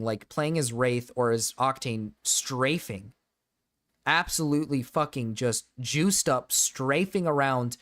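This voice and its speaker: A young man streaming, chatting casually to his viewers, rambling and swearing with frequent restarts. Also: mid-range voice.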